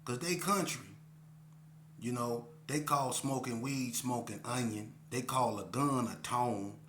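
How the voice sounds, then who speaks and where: Brief: middle-aged Las Vegas man, casual storyteller, bright edgy voice, echoey room. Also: medium pitch, measured pace, a little hiss or hum. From Las Vegas, Nevada. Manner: loose, repeats "you know what I'm saying".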